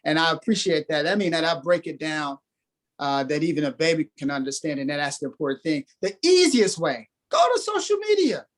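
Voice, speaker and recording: A man's voice: fairly high pitch, very animated, fairly quick. A man who is a guest on a podcast, giving a motivational talk with emphatic, preacher-like delivery and repeated phrases.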